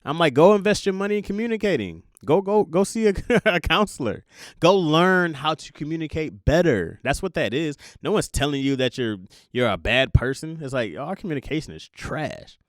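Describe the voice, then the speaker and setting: A young man hosting a podcast, talking through a casual confessional monologue in an animated, jokey way and laughing at himself. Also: fairly high pitch, normal speed, dry recording, studio quality. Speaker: podcast host.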